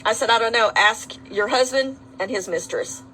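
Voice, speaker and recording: A woman's voice: fairly high pitch, moderate pace, pushed and bright, slight background noise, poor audio. Matter-of-fact woman telling a story. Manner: matter-of-fact, defiant narration. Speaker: rideshare driver telling her story. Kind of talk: storytelling to camera.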